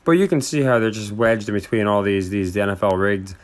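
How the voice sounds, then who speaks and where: A man's voice: fairly low pitch, animated, fairly quick. A man giving casual, skeptical commentary over sports clips, mocking and repeating himself as he talks.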